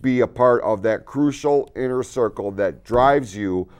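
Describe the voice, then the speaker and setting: A man hosts a local television talk show from the studio, speaking earnestly about self-improvement. His pitch sits in an ordinary middle range, and he presses each point home with growing emphasis. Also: unhurried. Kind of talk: motivational studio chat.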